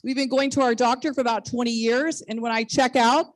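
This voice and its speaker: Excited high-voiced woman in her sixties. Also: a little fast, no room sound, poor audio. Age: 60s. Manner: excited, bubbly, laughs at herself. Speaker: network marketing presenter. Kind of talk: enthusiastic sales pitch with personal testimonies. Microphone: video call.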